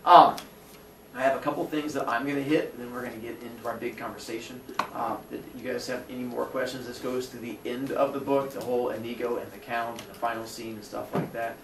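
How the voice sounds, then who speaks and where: Teacher guy cracking jokes at his class, gravelly voice, picked up from far off, echoey noisy room. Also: medium pitch, flat delivery, fast talker. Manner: joking, teasing with students. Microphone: distant recorder in the room. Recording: distant, echoey classroom with noise.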